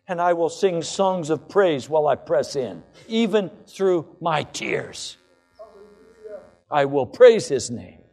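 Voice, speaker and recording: A man's voice: mid-range voice, darkish tone. A male pastor delivering a sermon to his congregation, building to fervent declarations. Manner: impassioned preaching, rising to fervent declarations.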